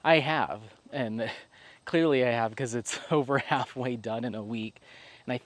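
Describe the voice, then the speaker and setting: A man's voice: medium pitch, measured pace. A man chatting casually in a rambling way while walking outdoors in town, with frequent fillers and laughs. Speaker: vlogger.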